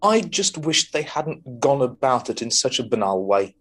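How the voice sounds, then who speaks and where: A very animated, slightly bright man of medium pitch co-hosts a podcast at normal speed, casually reviewing a TV episode. He rambles with lots of ums and restarts and swears freely.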